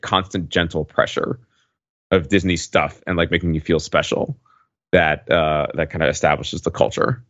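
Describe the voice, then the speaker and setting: Podcast host, man in his forties, low voice, rambling and filler-heavy, dry dull mic. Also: a bit bright, dry recording. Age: 40s. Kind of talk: casual chat.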